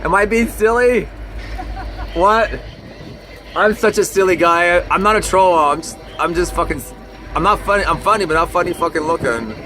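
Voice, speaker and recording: A man's voice: high-pitched, moderate pace, pushed and bright, soft background music. A man filming a storm on a handheld camera, making crude jokes as he rambles. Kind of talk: casual on-camera chat. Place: outdoors then a basement. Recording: noisy outdoor phone video, wind.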